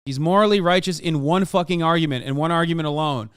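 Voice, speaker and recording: A man with a fairly high, smooth voice rants at his stream. He talks in heated, profane bursts and mocks the clips he reacts to. The sound is dry and close. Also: quick pace, no room sound. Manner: heated, ranting, mocking. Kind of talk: casual profane livestream commentary.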